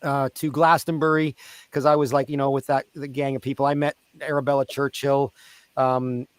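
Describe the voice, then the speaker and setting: A man from Canada, a street performer, telling lively stories in an interview and shouting out the crowd's lines. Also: medium pitch, moderate pace, clean tone, no room sound. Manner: animated, shouting out the voices of crowd members. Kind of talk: storytelling in a casual interview.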